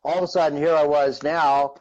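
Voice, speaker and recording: A Canadian man in his fifties, appearing as a guest on a live-streamed interview, rambles through a long personal story, dotting it with "right?" and "you know." His voice is a little high and steady, brisk and slightly mellow, captured with lo-fi sound.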